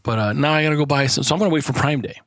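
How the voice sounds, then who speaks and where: A man's voice: fairly high pitch, very fast, a bit bright, no echo. A man co-hosting a podcast in a casual chat over beers, swearing freely, laughing often and telling stories with lots of animation. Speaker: podcast co-host.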